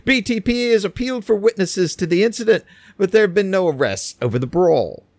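A man's voice: sits high, lively intonation, brisk, darkish tone, no echo, pitched above the performer's own voice. A man putting on a pompous mock British newsreader voice to read a news story aloud. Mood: mock-formal.

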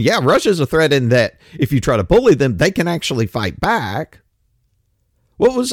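A man's voice: a little high, no room sound, studio quality. A man in his fifties delivering a blunt, opinionated monologue, ranting and swearing casually. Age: 50s.

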